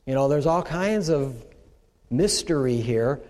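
High-voiced man preaching in a reverberant hall. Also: animated, a little slow, a little mellow. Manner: conversational preaching, acts out quoted voices. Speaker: pastor. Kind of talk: sermon. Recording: echoey hall with long reverb.

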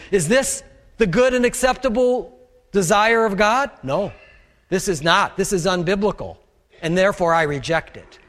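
A pastor preaching a sermon, animated, acting out the voices of the people he quotes. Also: high voice. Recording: long reverb of a large hall.

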